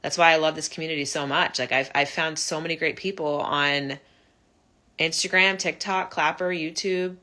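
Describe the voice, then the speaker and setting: Brief: young woman, low pitch, bright forward tone, earnest personal vlog confession with halting restarts. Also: steady tone. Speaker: vlogger sharing her recovery story. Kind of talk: personal reflective monologue.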